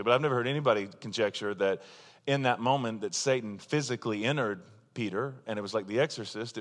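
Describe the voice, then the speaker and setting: A man's voice: medium pitch, a bit bright, in a large hall. A man preaching a sermon as pastor, talking in a casual, emphatic way and poking fun at himself. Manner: conversational, self-deprecating, emphatic.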